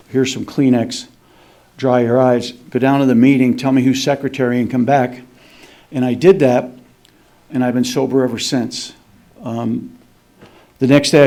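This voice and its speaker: A man's voice: mid-range voice, darkish tone. A middle-aged man sharing his personal recovery story at a meeting, in a candid, confessional way. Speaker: AA meeting speaker.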